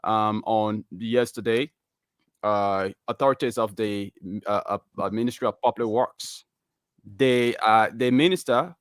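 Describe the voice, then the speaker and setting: Co-host, slow and halting, lots of uh, smooth clear voice. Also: male voice, on the low side, no room sound, studio quality. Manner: hesitant, many fillers and stammers. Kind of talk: news talk segment.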